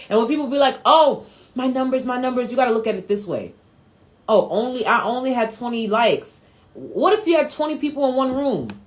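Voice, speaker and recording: A woman's voice: a little high, brisk. New lady chatting on a phone live stream at home, voice swoops all over, streetwise and cussing. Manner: animated, streetwise, swearing freely. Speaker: host. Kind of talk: casual live-stream chat.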